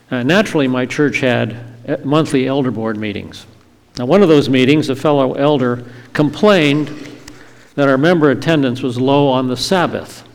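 A man giving an evening Bible teaching in a measured, explanatory way, reading scripture aloud. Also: mid-range voice, gravelly, big-room sound. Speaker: Messianic teacher.

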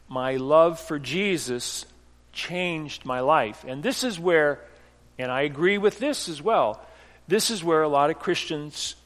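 A middle-aged man preaches in earnest, his voice sitting fairly high for a man. He drops to a near-hush and rises again to firm emphasis, with frequent restarts. Long reverb from a church hall trails after each phrase. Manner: earnest storytelling with restarts, swinging from hushed to emphatic. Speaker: pastor. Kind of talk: sermon.

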